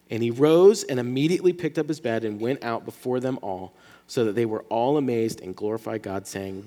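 A man preaching a sermon as pastor, talking in a casual, animated way and often restarting his words. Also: mid-range voice, brisk, in a large hall.

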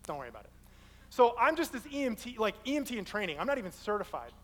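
High-voiced young preacher in a reverberant hall. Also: male voice, fast talker. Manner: casual, animated, acts out quoted people in his story. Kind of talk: sermon with personal storytelling.

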